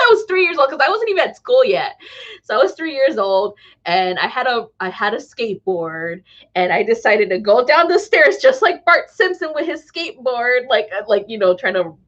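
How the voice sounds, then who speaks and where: A woman's voice: on the high side, fairly bright tone, dull audio. Chatty, laughing woman telling stories. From Southern California. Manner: rambling and chatty, laughing often and acting out quoted voices. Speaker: spiritual reader hosting a live stream. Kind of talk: casual storytelling to a live chat.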